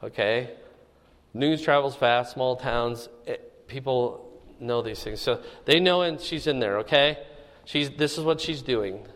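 A man's voice: mid-range voice, measured pace, fairly bright tone. Man teaching a Bible class, echoey hall. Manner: conversational, checks in with "okay?" often.

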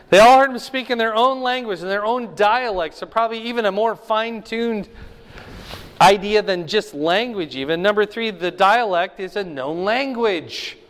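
A man's voice: high voice, fairly bright tone, clear, resonant tone. A man teaching a Bible class in a conversational way, often checking in with his listeners by asking "right?". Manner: chatty, keeps checking in with "right?". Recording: long reverb of a large hall.

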